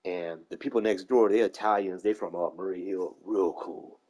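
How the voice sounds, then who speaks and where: Husky, warm-toned man in his 40s, casual chat host, lively profane storyteller. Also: low voice, moderate pace, low-quality recording. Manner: animated storyteller, profane, acts out quoted people.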